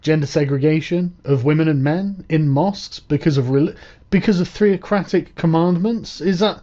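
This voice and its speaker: A man's voice: a little high, moderate pace, dark tone, dull audio. Sarcastic man mocking a politician. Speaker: commentator. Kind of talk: reaction commentary.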